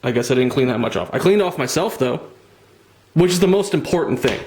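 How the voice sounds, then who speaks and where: A man's voice: medium pitch, lively intonation, fairly quick, a little mellow, poor audio. A young man rambling casually at home in a vlog, swearing freely and mocking himself. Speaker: vlogger.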